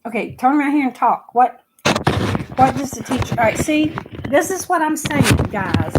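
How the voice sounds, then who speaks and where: A woman's voice: high-pitched, lively intonation, normal speed, very noisy. An older woman chatting casually on a phone livestream, talking with lots of "you know" fillers and repeating herself. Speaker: livestream host.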